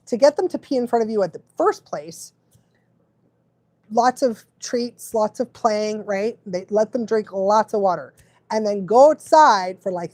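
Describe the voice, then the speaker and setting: A woman's voice: mid-range voice, darkish tone, no room sound. A woman dog trainer giving casual live advice, chatty, often laughing and checking in with the listener.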